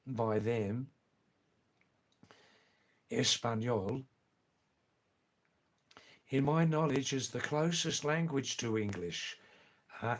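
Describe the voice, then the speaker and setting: A man live streaming, chatting in a rambling way and answering viewers by name. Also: medium pitch.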